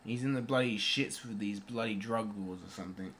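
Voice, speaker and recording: A man's voice: fairly low pitch, brisk, a bit bright, slight background noise. Man rambling through a casual movie review. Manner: rambling, swears casually, many fillers.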